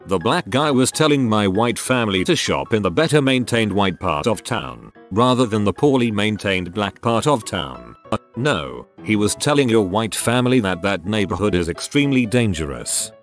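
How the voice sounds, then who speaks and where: A man narrating online posts as scripted storytelling, with a lively delivery. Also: lowish voice, normal speed. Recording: faint music bed behind.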